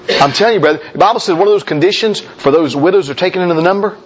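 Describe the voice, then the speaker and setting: Over dull audio with a crowd audible behind him, a pastor rattles through a folksy, emphatic sermon aimed right at his congregation. He puts on a high voice to mimic people who object.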